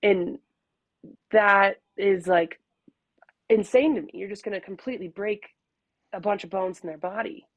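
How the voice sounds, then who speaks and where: A woman's voice: mid-range voice, normal speed, pauses often, dry recording. A young woman chatting candidly as a podcast guest, often laughing. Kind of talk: casual podcast conversation.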